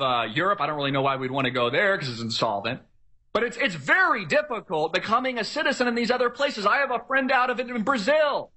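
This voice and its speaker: A man's voice: sits high, bright, forceful tone. A man delivering an emphatic, repetitive political rant, mocking the people he argues with. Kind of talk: ranting political monologue.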